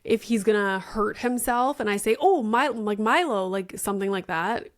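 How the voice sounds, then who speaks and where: Woman in her 30s, chatty podcast host, says like a lot, swears casually, mid-pitched voice. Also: steady tone, normal speed. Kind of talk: casual storytelling monologue.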